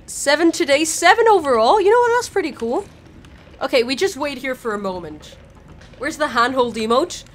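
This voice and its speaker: A young woman streaming a game live. She swears a lot and swings between panicked shrieks and low mumbles. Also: expressive, moderate pace. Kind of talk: live gameplay commentary.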